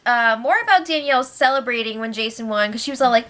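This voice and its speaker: Bright-voiced chatty woman recapping. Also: fairly high pitch, fairly quick, few pauses. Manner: chatty and opinionated, acts out quotes. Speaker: show recap host. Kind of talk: casual spoiler recap.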